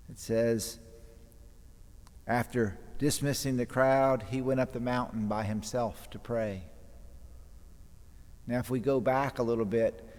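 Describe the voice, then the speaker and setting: A man's voice: medium pitch, a little mellow. A man preaching a homily as a priest, retelling the gospel story dramatically and acting out the voices in it. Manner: dramatic retelling, voicing scripture quotes. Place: church. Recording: long church reverb.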